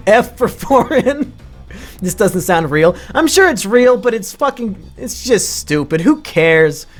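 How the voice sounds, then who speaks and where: High-pitched sarcastic streamer man. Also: sing-song, slow pace, faint music behind. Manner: sarcastic, profane, bursts into shouting rants. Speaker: streamer ranking mental illnesses. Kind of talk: crude comedic live-stream chat.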